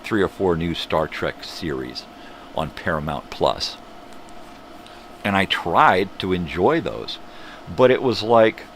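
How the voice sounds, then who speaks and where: A man's voice: sits low, a little hiss or hum. An older man hosting his own morning show, ranting bluntly and profanely in a casual monologue. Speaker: host of a morning livestream show.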